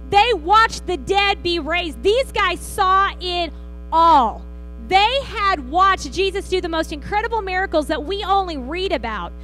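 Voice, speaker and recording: Woman pastor, very high bright voice, lively sermon storytelling, faint music behind. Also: rough recording. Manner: storytelling with acted-out quotes. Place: church sanctuary.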